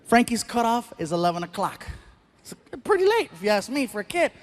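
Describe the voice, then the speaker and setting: A man doing stand-up comedy on stage into a handheld mic. He tells animated stories with sound effects. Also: very high-pitched, a little fast.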